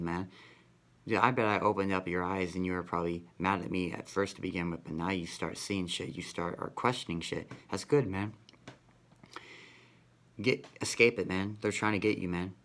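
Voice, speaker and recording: Deep-voiced man rambling, saying "man". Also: a bit bright. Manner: rambling, repeats "man" constantly; profane, conspiratorial. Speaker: vlogger. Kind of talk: rambling monologue.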